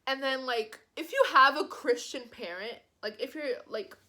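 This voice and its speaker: A young woman vlogger telling a personal story in a casual, animated way, filling her speech with "like". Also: sits high, moderate pace. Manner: animated, says "like" constantly. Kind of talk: storytime vlog.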